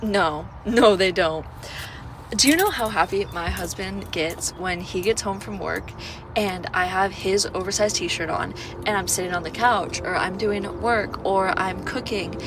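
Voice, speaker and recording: A woman's voice: unhurried, background noise. A woman telling a gushing story about her husband to camera, acting out the quotes. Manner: gushing, acts out quotes in a higher voice. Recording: loud music behind.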